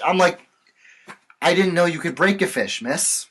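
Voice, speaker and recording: A man's voice: sits high, sing-song, a little slow, background noise. A young man co-hosting a podcast, telling work stories in a casual, profane, ranting way. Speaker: podcast co-host. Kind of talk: casual chat.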